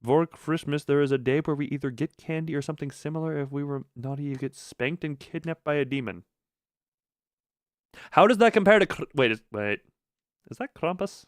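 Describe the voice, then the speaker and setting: Animated male streamer, lively pitch. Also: no echo, clean studio sound. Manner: animated, chatty, quick to laugh. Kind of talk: casual live-stream chat. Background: faint background music.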